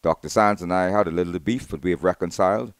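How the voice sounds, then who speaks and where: A Bahamian man in middle age running his own talk show with a fairly low, smooth, resonant voice. The sound is close and dry, with no room around it. He talks in an animated way, muttering low asides one moment and booming the next. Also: fast talker, no room sound. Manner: animated, swings from low asides to loud outbursts. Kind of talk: opinionated talk radio monologue.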